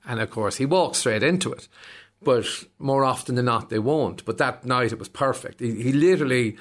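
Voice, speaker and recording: A man's voice: mid-range voice, moderate pace. An Irish man in his fifties, a stand-up comedian chatting in an interview and acting out voices as he tells stories. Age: 50s. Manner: animated storyteller acting out voices. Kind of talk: casual interview chat.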